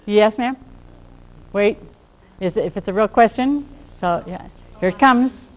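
A dog behavior trainer with a medium-pitched voice gives a relaxed, unhurried lecture to a class on handling dogs. She stays chatty, acts out little exchanges, and sometimes laughs at her own jokes, though the audio quality is poor.

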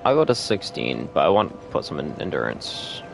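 A man's voice: a bass voice, sing-song, a little fast, gravelly, soft background music. A young man streaming a video game with a friend, chatting casually, swearing freely and laughing often. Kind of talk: casual chat while gaming.

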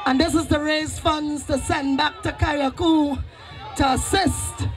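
A high-voiced woman jokes and teases the audience from an outdoor stage, taking her time between lines. Music and a noisy crowd ring around her. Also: steady tone, measured pace. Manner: teasing, playful crowd banter. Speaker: stage performer. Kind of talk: live stage banter. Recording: live event with music and crowd.

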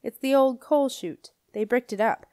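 A woman's voice: fairly high pitch, dark tone, dry recording, clean studio sound, pitched above the performer's own voice, lightly acted. A woman reading an audiobook, voicing a bossy, impatient young girl who urges her friend on. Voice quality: brisk, bossy.

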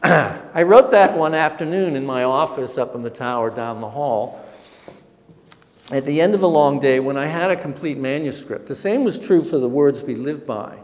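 A man's voice: mid-range voice, lively intonation, normal speed. Reflective male author in a reverberant hall. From Massachusetts, USA. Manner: reflective, wry, with frequent ums. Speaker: author giving a talk. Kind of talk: public talk with a reading.

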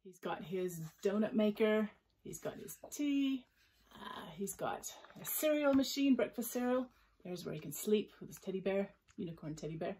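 A woman's voice: mid-range voice, normal speed, a little hiss or hum, low-quality recording. A woman reading a children's picture book aloud with chatty asides about the pictures. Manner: lively, expressive. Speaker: storyteller.

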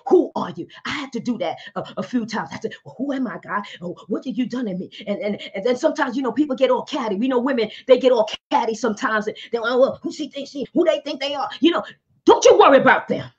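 Woman pastor, high voice, fervent exhorting preaching, hallelujahs and tongues, video call. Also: animated, fast, slightly rough, muffled recording. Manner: exclaims hallelujah, bursts into tongues; emphatic and exhorting. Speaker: pastor and talk show host.

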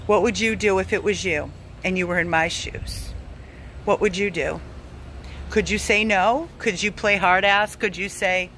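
The woman running an animal rescue has a mid-range, fairly bright voice with fairly even intonation and a measured pace; slight background noise is audible. Emotionally drained, she urgently begs for donations, pleading repeatedly and saying the same things again.

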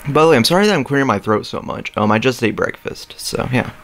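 A man's voice: medium pitch, expressive, fast, fairly bright tone. Young man chatting over gameplay. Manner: rambling, filler-heavy, frequent throat clearing. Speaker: let's play host. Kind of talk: casual gameplay commentary. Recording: faint game music behind.

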